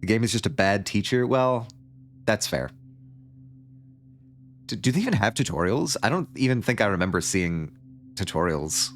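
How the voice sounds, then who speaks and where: A man's voice: on the low side, expressive, normal speed, long pauses. A man livestreaming a story game, reading it aloud and joking along in a rambling, casual way. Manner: joking, rambling, with frequent laughs. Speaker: streamer.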